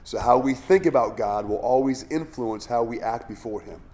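A man's voice: medium pitch, moderate pace, a little mellow. A man teaching the Bible as a pastor. He talks in a conversational way, often restarts phrases and checks in with "all right?".

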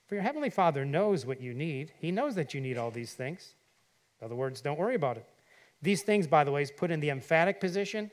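A middle-aged male pastor preaching a sermon, asking rhetorical questions and leaning hard on quoted verses, then dropping quiet for asides. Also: lively intonation, brisk. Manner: drops to a quiet, low voice for asides.

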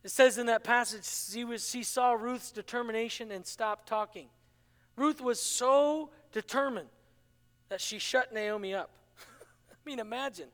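A man's voice: extremely high pitch, measured pace, a bit bright. A man preaching a sermon in a dramatic manner, acting out the quoted dialogue. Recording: long hall reverb.

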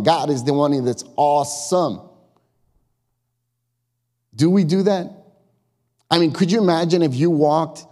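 In a church sanctuary, a pastor preaches a sermon in a conversational yet emphatic manner, putting questions to the congregation. His voice is fairly high and a bit mellow, and the hall's long reverb lingers around every word.

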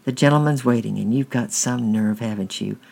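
A man's voice: medium pitch, fairly quick, creaky, darkish tone. A man voicing a harsh, impatient stepfather who barks orders at a boy. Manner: barking, bossy.

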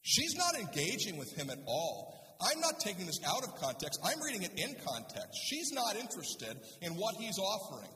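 A man's voice: sits high, wildly swooping pitch, normal speed, hardly any pauses, sharp tone. A male pastor preaching a sermon in a conversational way, reading scripture and asking the congregation rhetorical questions, in a church sanctuary. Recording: echoey hall, speaker far from mic.

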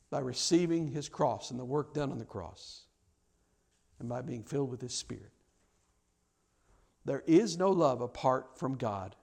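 A man preaching a sermon, telling a story and acting out its people, with repeated stammers, rising loud on key lines and dropping low. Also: gravelly. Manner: impassioned, swells loud on key lines then drops low.

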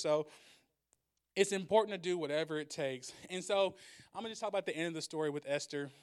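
Young male preacher, high and smooth-voiced. Casual, animated storytelling. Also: fast. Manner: animated, acts out characters.

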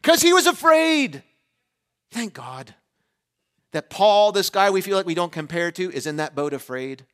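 High-voiced animated male pastor. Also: normal speed, smooth. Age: 40s. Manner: animated, swings between loud and hushed. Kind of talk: sermon.

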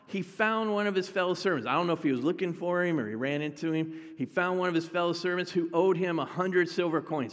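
A man's voice: high-pitched, long reverb tail. A male pastor preaching a sermon in a conversational way, talking directly to his congregation.

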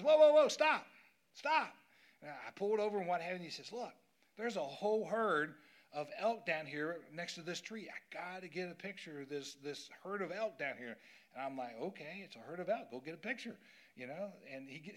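A middle-aged male pastor telling a personal story during a sermon, acting out what people said. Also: a little high. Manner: animated storyteller acting out quotes.

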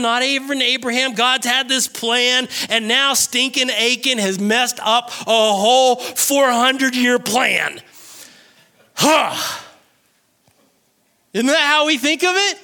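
A man's voice: very high-pitched, pushed and bright. A man preaching a sermon, reading scripture aloud and joking, acting out the characters' voices.

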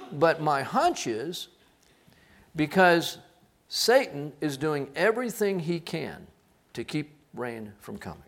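A man delivers a sermon in a fairly high voice. He tells the story with lively, joking energy, acting out the scenes, and swings from loud outbursts down to quiet, reflective asides. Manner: animated storytelling, acts out voices, jokes. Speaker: pastor.

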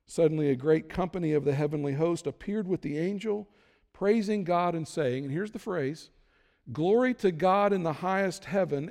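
A man's voice: a little high, normal speed, gravelly, darkish tone. A man preaching a sermon to his congregation, talking in an easy conversational way and acting out people's worried thoughts. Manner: conversational, acts out worried inner voices. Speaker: pastor. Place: large church hall. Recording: long hall reverb.

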